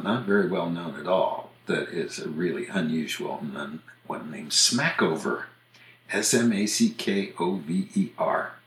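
A man from the United States hosting a podcast, casually explaining things in a measured way and spelling words out letter by letter. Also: sits low, roomy sound. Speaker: podcast host on English usage.

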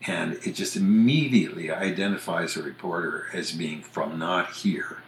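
A man's voice: low voice, normal speed. An older man hosting a podcast, explaining word pronunciations in a thoughtful, casual way with frequent fillers. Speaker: podcast host and usage author. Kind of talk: casual chat. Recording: roomy echo.

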